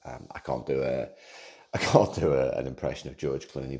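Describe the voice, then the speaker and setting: A man's voice: extremely low pitch, steady tone, normal speed, mellow. A man hosting a casual solo podcast, rambling along with frequent restarts, repeated words and self-deprecating jokes. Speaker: podcast host.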